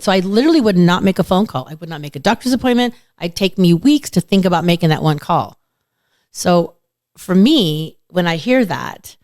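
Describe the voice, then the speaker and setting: A woman hosts a casual radio talk show, telling her stories with lively acted-out quotes. Her voice sits on the lower side and is recorded very dry and close. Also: no echo. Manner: chatty, animated storytelling with acted-out quotes. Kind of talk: casual chat.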